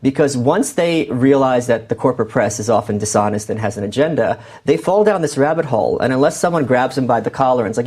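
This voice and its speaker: A male author as a guest in an interview, talking in an animated way and acting out quotes as he tells stories. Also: medium pitch, husky. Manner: animated, quick storytelling with acted-out quotes. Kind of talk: interview conversation.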